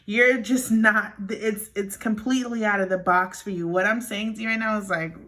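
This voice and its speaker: A young woman giving a pick-a-card tarot reading, earnest and encouraging, talking fast with many restarts. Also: mid-range voice, fairly bright tone. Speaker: tarot reader.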